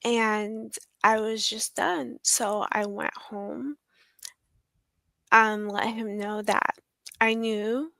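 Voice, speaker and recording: A woman telling her personal story in an interview, hesitant, with many ums and pauses. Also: fairly high pitch, steady tone, creaky, a bit bright, no room sound. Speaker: guest sharing her survival story.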